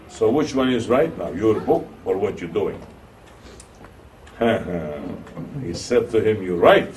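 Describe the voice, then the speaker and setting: A man's voice: unhurried, a little hiss or hum. A man with a Turkish accent, a Sufi shaykh, tells a story in a sermon and acts out the voices of its characters. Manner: animated storytelling, acting out quoted voices with rising pitch. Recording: distant mic with faint room ambience.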